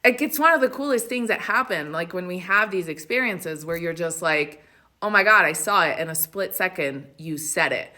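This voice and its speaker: A woman hosting a spiritual livestream, talking casually in a blunt, animated way. She swears freely and laughs often. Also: fairly low pitch, normal speed, few pauses.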